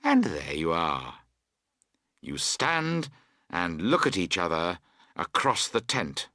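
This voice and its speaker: A man narrating a story for English learners in a slow, expressive reading. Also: mid-range voice, dry recording, studio quality. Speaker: audiobook narrator.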